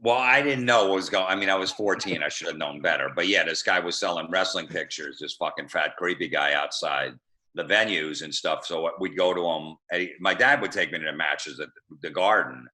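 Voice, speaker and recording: A middle-aged man with a lowish voice and a bright, forceful edge tells a story on a podcast. He talks in a profane, deadpan way and slips into the voices of the people he quotes. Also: brisk. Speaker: guest comedian.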